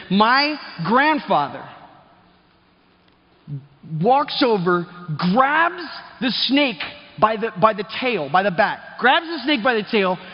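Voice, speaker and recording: Man, conference speaker, high voice, loose storytelling, muffled recording in a reverberant hall. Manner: chatty, quizzes the crowd, many restarts. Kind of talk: storytelling talk to a live audience. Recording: dull sound, reverb of a big hall.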